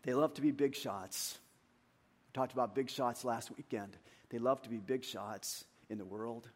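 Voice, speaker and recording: A middle-aged man, a pastor, preaching a sermon with animated personal stories and earnest scripture reading. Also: medium pitch, moderate pace, slightly rough. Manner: storytelling, animated anecdotes then earnest reading.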